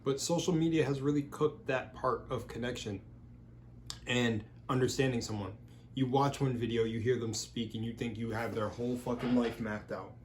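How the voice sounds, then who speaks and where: A young man talks through a meal in a loose, rambling way, stacking fillers and swearing now and then. His voice sits at an ordinary middle pitch. A faint background hum runs under the recording. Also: steady tone, normal speed. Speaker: vlogger. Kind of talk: casual rambling monologue while eating.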